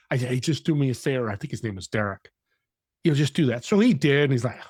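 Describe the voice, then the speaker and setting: A man guest on a podcast, telling a story in an animated way and acting out the dialogue. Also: medium pitch, fast, slightly rough, dry recording, clean studio sound. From California.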